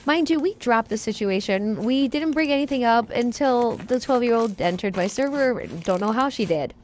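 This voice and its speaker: Blunt, fairly high-voiced woman vlogging. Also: lively intonation, moderate pace, a little mellow, a little hiss or hum. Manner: blunt, blow-by-blow storytelling. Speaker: streamer telling her side of a dispute. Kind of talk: casual vlog monologue.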